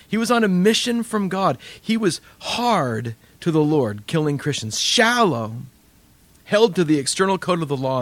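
Animated male preacher telling stories. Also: fairly high pitch. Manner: animated storytelling, acts out quoted voices. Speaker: pastor. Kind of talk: sermon.

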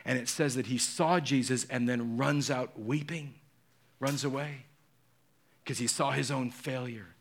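A man's voice: mid-range voice, steady tone, unhurried. A middle-aged male pastor preaching a sermon, telling the story dramatically and acting out the voices in quotes.

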